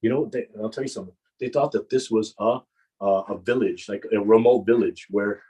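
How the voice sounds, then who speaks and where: A man narrating a Muharram mourning sermon with impassioned storytelling, repeating phrases for emphasis and often halting mid-sentence. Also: fairly low pitch, dark tone, husky, poor audio. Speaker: majlis speaker.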